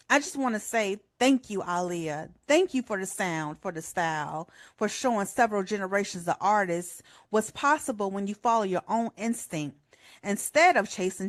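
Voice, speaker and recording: A middle-aged woman hosts a radio show in a heartfelt, chatty way. Her voice sits at a medium pitch and cracks with emotion as she talks. The sound is close and dry, with no room echo. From Chicago. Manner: heartfelt, chatty, says "y'all" a lot. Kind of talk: personal tribute monologue.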